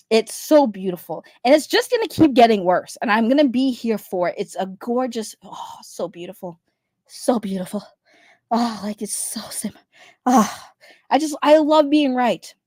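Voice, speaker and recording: A woman's voice: a little high, darkish tone, no echo, studio quality. A young adult woman streamer giving blunt, profane ranting commentary, repeating her points for emphasis.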